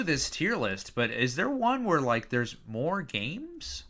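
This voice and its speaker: A man's voice: on the high side, slow, few pauses. A young man streaming casually, rambling and reacting with lots of "like" fillers. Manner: rambling, heavy use of "like", excitable reactions.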